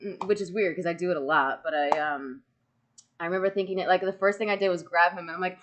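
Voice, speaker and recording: A woman in her thirties hosting a stream over a video call, telling excitable stories, laughing often and acting out quotes in casual chat. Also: fairly low pitch, quick pace.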